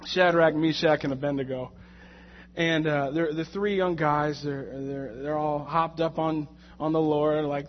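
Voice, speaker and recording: Guy preaching casual, tells a jokey story, slightly high voice, gets loud and worked up, kinda dull muffled sound. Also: a little slow, slight background noise. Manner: animated, jokey storytelling with rising, shouted anger in the retold moments. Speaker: lay preacher. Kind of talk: conversational sermon with a personal story.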